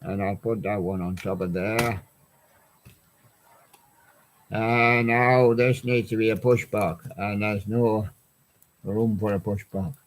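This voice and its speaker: A man's voice: fairly low pitch, fairly even intonation, takes it slowly, long pauses, a little hiss or hum. A man hosting a live music show, chatting in a rambling way and reading out song titles from his records. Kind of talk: live-stream chat presenting records.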